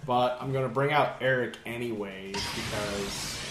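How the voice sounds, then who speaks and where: A man playing in a tabletop game, expressive and swinging between mumbles and bursts. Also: medium pitch, a little slow, roomy sound, over music. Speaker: player.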